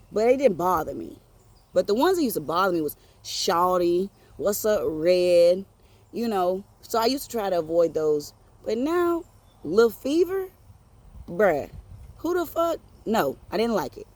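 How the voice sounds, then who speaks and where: A woman telling a personal story on her podcast in an animated, profane, streetwise way. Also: lowish voice, moderate pace, dry recording. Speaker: podcast host.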